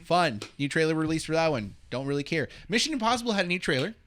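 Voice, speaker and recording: A man co-hosting a casual podcast chat, who talks fast and over the others and repeats himself. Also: fairly high pitch, very animated, a bit bright, faint music behind. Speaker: podcast co-host.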